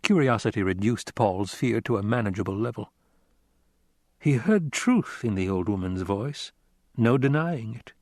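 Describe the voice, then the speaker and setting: Slow, measured male audiobook narrator. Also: fairly low pitch, lively intonation, a little mellow, no echo, clean studio sound. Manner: measured, unhurried. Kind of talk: scripted narration.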